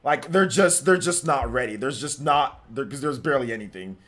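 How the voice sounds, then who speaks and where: A man's voice: mid-range voice, animated, brisk, a crowd in the background. A man hosting a casual gaming podcast over an online call, ranting emphatically and repeating himself as he talks. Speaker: podcast host.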